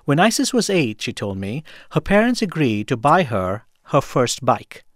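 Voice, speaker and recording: A man hosting a radio feature, narrating a guest's story in a measured way and asking her questions. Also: medium pitch, very animated, no room sound, clean studio sound. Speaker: radio show host and interviewer. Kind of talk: scripted narration with interview questions.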